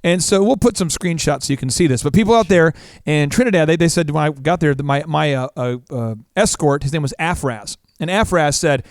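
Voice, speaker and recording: Energetic, excitable business coach. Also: male voice, fairly high pitch, a little fast, no room sound, clean studio sound. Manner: energetic, animated, storytelling. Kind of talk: casual chat.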